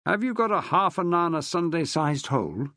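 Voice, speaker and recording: A man voicing a jovial, wry middle-aged schoolteacher in an audiobook, hearty and booming. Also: expressive, moderate pace, bright, forceful tone, no room sound, clean studio sound. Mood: teasing.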